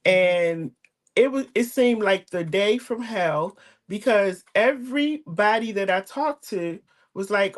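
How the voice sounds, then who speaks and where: A woman's voice: animated, measured pace. Older woman, host, casual talk show, earnest storytelling, video call. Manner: earnest, emotional storytelling with rising pitch.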